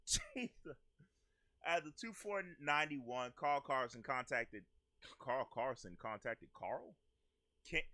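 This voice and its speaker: A man gives casual reaction commentary with profane, exclamatory outbursts. His pitch swings widely and his tone is bright and forceful. The sound is dry and close. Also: lively intonation, slow, long pauses, dry recording. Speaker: streamer.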